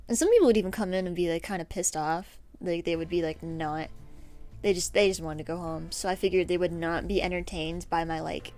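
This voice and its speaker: A young woman streaming while she draws, telling a story in an animated, rambling way, with lots of fillers and laughs. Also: on the low side, brisk. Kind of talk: casual storytelling chat while drawing. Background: faint background music.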